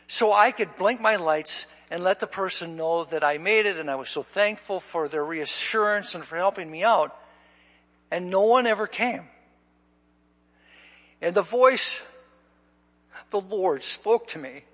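In a dull, lo-fi recording from a reverberant hall, a man with a high, bright, forceful voice preaches to his church as pastor. He tells a personal story folksily in this storytelling sermon, frequently repeating his words as each line begins.

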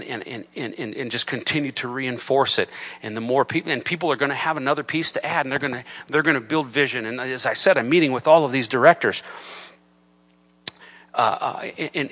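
A pastor preaches a sermon in a church sanctuary, reading scripture with a solemn cadence. His delivery grows from soft, low speech into loud, raised preaching.

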